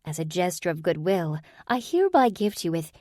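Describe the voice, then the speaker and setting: A woman voicing a prim, serene female witch who speaks in a calm, formal way. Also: fairly low pitch, a little fast, no echo, studio quality.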